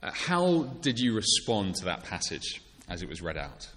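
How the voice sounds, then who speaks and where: A man preaching a sermon to his congregation. He speaks in a measured, conversational way, with frequent fillers and small restarts. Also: low-pitched, animated, sharp tone. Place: church. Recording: long church reverb.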